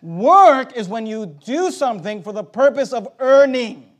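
High-voiced man preaching an emphatic sermon. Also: animated, unhurried. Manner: emphatic, rhetorical questions, reads scripture aloud.

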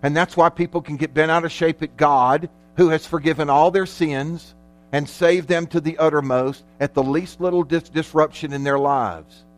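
Emphatic preaching man, fairly high voice. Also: steady tone. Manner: emphatic preaching with dramatic slowdowns and loud peaks. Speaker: pastor. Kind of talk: sermon.

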